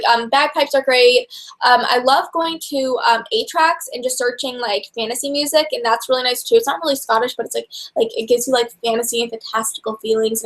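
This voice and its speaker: A nineteen-year-old woman with a fairly high voice chats loosely through viewer questions. She rambles, stumbles over her words and corrects herself as she goes. Her talk is scattered and casual, like a live chat with followers. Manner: rambling, scattered, full of fillers and self-corrections. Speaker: author and book vlogger.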